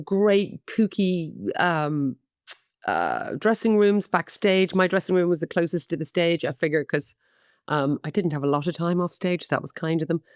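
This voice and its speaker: A middle-aged Irish woman speaks in a slightly low voice, candid and chatty, laughing at herself and dotting her talk with "um"s. She sounds like a guest in a podcast interview, recorded close and dry with no room echo. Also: a little mellow. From Ireland. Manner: candid, chatty and self-deprecating, with many "um"s. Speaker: guest actress.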